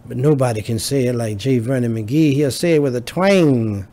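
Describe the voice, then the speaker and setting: A man's voice: medium pitch, moderate pace, mellow. A man preaching a sermon as pastor, building emphasis through repetition.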